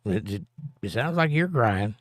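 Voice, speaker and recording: A man's voice: on the low side, animated, measured pace, no echo, studio quality. A man hosting a live stream, reading chat aloud and answering with blunt, sarcastic put-downs.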